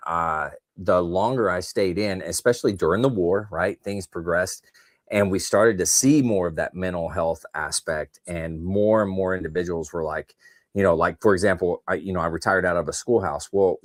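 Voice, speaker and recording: Deep-voiced retired Marine chatting casually. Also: male voice, no echo, clean studio sound. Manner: conversational, filler-heavy, reads audience comments aloud. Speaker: podcast co-host, retired Marine. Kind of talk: casual chat.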